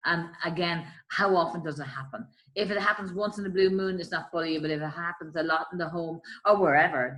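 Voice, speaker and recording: A woman's voice: lowish voice, poor audio. A woman explaining bullying tactics in an earnest conversational way. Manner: earnest, acts out quoted voices, trails off softly. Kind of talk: explanatory chat.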